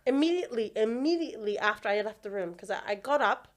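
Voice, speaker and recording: A woman's voice: on the high side, animated, fast talker. A young woman, a midwife guest, talking in a matter-of-fact, explanatory way. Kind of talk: casual chat.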